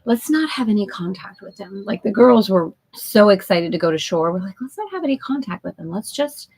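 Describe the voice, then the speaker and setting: A woman's voice: mid-range voice, gravelly, a little mellow, slightly rough, poor audio. A woman hosting a casual live-stream chat from a sailboat at anchor, talking effusively, laughing often and greeting viewers by name. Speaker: host of a live spiritual women's group call.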